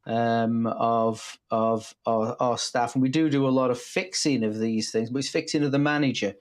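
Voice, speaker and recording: A middle-aged man co-hosting a casual business chat from an office, halting and repeating words, with a dry sense of humor. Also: mid-range voice, steady tone. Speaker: co-host, business trainer. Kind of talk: casual live-stream chat.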